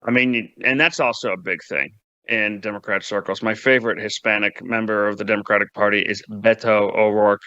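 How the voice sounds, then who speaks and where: A man's voice: lowish voice, steady tone, a little fast, sharp tone, clean tone, no room sound, highs cut off. A man giving wry political commentary on a talk show, with stammered restarts.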